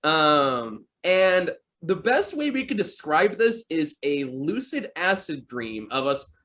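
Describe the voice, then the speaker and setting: A man's voice: fairly high pitch, big pitch swings, slow, fairly bright tone. A man hosting a casual talk show, telling long rambling stories about movies with many fillers. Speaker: podcast host. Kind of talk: casual chat.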